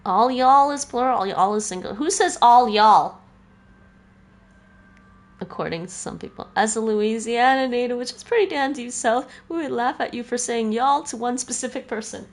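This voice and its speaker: A woman's voice: on the high side, normal speed. A woman streaming a video game, chatting casually with her viewers and laughing often. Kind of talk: casual chat while gaming.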